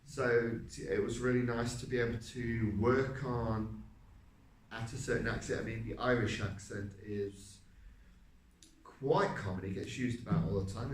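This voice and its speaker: A man, an actor, reflecting on his vocal technique, halting and searching for words. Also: mid-range voice, steady tone, slight background noise. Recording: roomy, distant mic.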